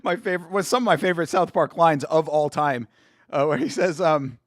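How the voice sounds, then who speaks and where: A young man hosting a casual live watch-along stream, chatty and excitable, full of slang and swearing. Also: fairly high pitch, normal speed, pauses often, no room sound, studio quality. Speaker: stream host.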